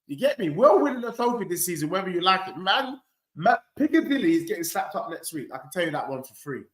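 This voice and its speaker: A man's voice: sits high, very animated, fast. A young man hosting a football watchalong, trash-talking and answering his chat. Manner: cocky, trash-talking, addresses chat directly. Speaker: host of a football watchalong stream. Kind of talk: live stream banter reading chat.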